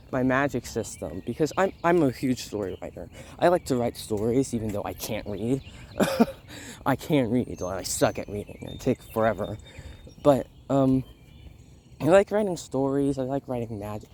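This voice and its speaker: A man's voice: medium pitch, darkish tone, slight background noise. A young man hosting a casual vlog while walking outdoors, slightly sick, rambling and interrupting himself with frequent laughs. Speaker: vlog host. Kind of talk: casual rambling walk-and-talk. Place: outdoors on a neighborhood walk. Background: birds and a barking dog outdoors.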